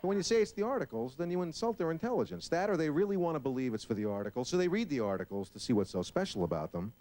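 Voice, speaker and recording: A man's voice: fairly high pitch, sing-song, rapid-fire, mellow. A male stand-up comedian on stage before a live audience, talking brashly and profanely and acting out voices. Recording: hissy old VHS tape recording.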